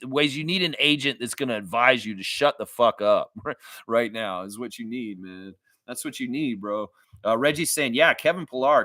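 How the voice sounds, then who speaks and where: A man's voice: medium pitch, a bit bright, no echo. A middle-aged man from the southern United States hosting a sports fan livestream, reading out viewer comments in rambling casual chat full of fillers and flaring into profane rants.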